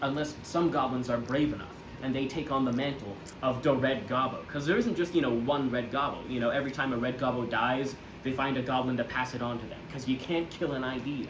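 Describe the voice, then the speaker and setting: A man's voice: mid-range voice, a little fast, hardly any pauses, noisy background. Rambling young man in an echoey room. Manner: rambling, filler-heavy, jokey. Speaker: presenter. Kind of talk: casual presentation to friends.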